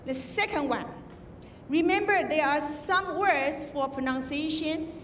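High woman judge, echoey hall. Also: a little slow, fairly bright tone, slight background noise. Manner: instructive, demonstrating with examples. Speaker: contest judge. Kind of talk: feedback speech to students. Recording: echoey hall, distant mic.

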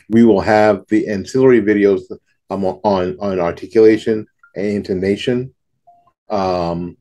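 A man speaks to camera from his home studio, a backdrop behind him, giving folksy, relaxed saxophone lessons, repeating points often and scatting rhythms out loud. He has a lowish, mellow voice.

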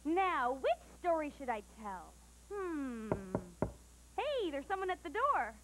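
A woman hosting a children's storybook show, talking in a bubbly, excited, sing-song way. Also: very high-pitched, slow, noisy background, exaggerated voice.

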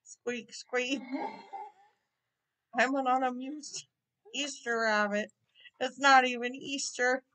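A woman voicing a grumpy, quick-tempered bald male math teacher in his forties, indignant and threatening. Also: high voice, fairly even intonation, fairly bright tone, rough recording. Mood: exasperated.

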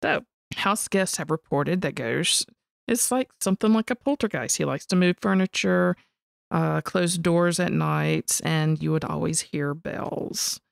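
A woman co-hosting a podcast, telling a story in an animated, casual way and swearing freely. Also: fairly low pitch, unhurried, creaky, no echo, clean studio sound. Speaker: podcast co-host.

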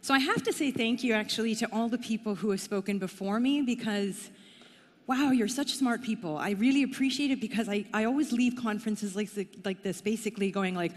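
A woman's voice: mid-range voice, a little fast. Chatty woman speaker in a reverberant hall. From Canada. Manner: chatty, playful and self-deprecating. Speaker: conference speaker. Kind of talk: conference talk. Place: conference hall.

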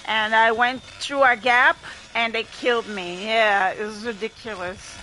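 Female streamer, bright tense voice, slow jumpy live commentary, faint game noise behind. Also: a little high, steady tone, poor audio. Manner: jumpy, laughing, swearing, talks to herself. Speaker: gamer streaming gameplay.

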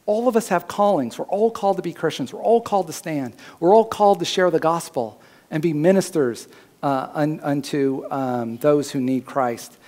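A man preaching a sermon as pastor in a church, his voice climbing higher and louder when he voices God's words. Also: normal speed. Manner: preaching, rising loud and high when voicing God's words.

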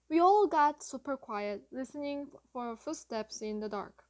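Lady reading a kids' novel aloud, kinda high voice, lively and breathless when the action picks up. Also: a little slow, dry recording. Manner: lively, breathless retelling of a chase. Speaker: audiobook narrator. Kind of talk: first-person storybook narration.

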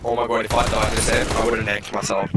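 A man's voice: fairly low pitch, little pitch movement, fast, heavy background noise. A young man in casual gaming voice chat, trading crude jokes with his teammates. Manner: crude joking banter. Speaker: gamer teammate. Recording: loud game gunfire over voice.

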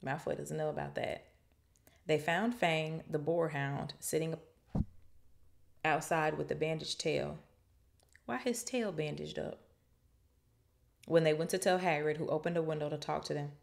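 A woman podcast host reading a novel aloud and breaking off for chatty, animated asides. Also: sits low, a little slow, vocal fry, pauses often. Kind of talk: reading aloud with casual commentary.

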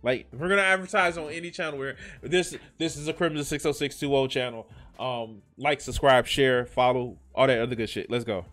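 A man's voice: medium pitch, steady tone, a little fast, hardly any pauses, a bit bright. A man reacting to a video as a streamer, rambling and swearing with lots of restarts and jokes. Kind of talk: reaction commentary.

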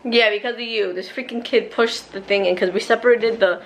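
A woman's voice: fairly high pitch, fairly even intonation, brisk, gravelly, a little hiss or hum. A young woman filming a casual family vlog on a handheld camera, talking bluntly and exclaiming often. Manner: exclamatory and blunt, swears freely. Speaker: family vlogger.

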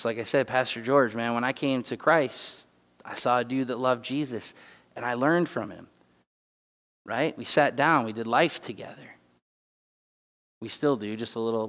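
A guest speaker preaches a sermon in a church sanctuary, his medium-pitched voice a bit bright. He talks conversationally and emphatically, with asides and restarts, while holding back tears, and the recording carries church hall reverb.

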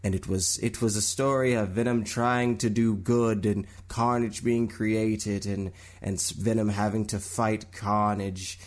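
A young man hosting a solo radio talk show, giving lively commentary on movie news and slipping into quick impressions of other people. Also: lowish voice. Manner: animated, mimics people in quick put-on voices.

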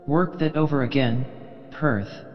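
An obsessed, commanding old sea captain speaks with imperious intensity, as a male audiobook reader puts him on. The delivery is slow and weighty. A long reverb and a dull, muffled sound hang over it, with faint music underneath. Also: medium pitch, close to an everyday voice. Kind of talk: audiobook reading.

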